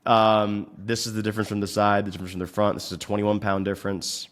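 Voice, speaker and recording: A man hosting a fitness podcast, giving blunt, profane advice in a casual way and venting at his software. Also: fairly low pitch, completely flat delivery. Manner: profane, frustrated rants; blunt, rapid instructions. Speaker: fitness coach and podcast host.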